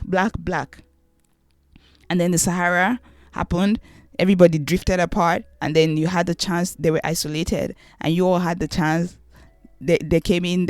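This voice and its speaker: A woman's voice: on the low side, a little mellow, dry recording. A young woman vlogging her opinions, exasperated and rhetorical, repeating her questions for emphasis. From Nigeria. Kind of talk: opinionated commentary to camera.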